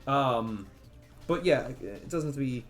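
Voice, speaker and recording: A young man talks through his game tests on a livestream, musing and trailing off as his pitch jumps up and down. Faint music plays under his voice. He restarts his sentences often. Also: lively intonation, takes it slowly. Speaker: game developer streamer. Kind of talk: casual livestream thinking aloud while coding.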